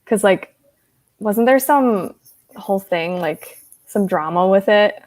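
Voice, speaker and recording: A woman's voice: mid-range voice, lively intonation, slow pace, a little mellow. A young woman hosting a casual livestream chat, giggly and rambling, filling her talk with "like". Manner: giggly, chatty, rambling with many "like"s. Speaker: host reading live chat.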